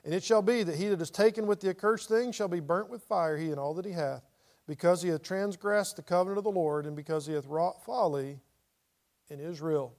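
A man's voice: high voice, a little fast, a little mellow. A middle-aged man teaching a Bible study in a conversational way, reading scripture aloud with dramatic inflection.

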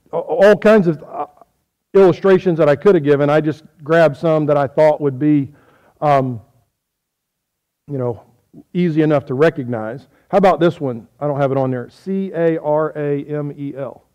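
A man's voice: a little high, unhurried, pauses often, mellow. A man preaching a folksy sermon, quizzing his audience on how they say words.

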